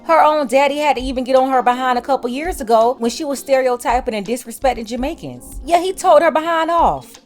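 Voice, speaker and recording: A woman hosting a political commentary channel, blunt and sarcastic in a scolding tone. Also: high voice.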